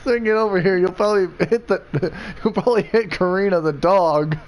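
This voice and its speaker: A young man chatting casually with friends, reacting with slow, rambling, hesitant remarks. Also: high voice, a little hiss or hum, low-quality recording. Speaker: gamer in a friends' voice chat. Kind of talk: casual chat.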